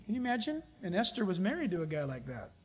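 A man preaching a sermon in church, earnest and full of stories, slowing down to stress key phrases. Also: sits high, huge pitch swings, darkish tone. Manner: earnest, storytelling preacher with emphatic slowed phrases. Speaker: pastor.

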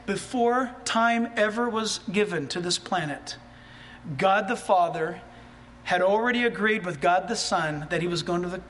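A man delivers a sermon in a strikingly high, bright voice. He talks animatedly, firing rhetorical questions at the congregation and pushing some lines to a near shout. A faint room ambience sits under his voice. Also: a little hiss or hum. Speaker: pastor.

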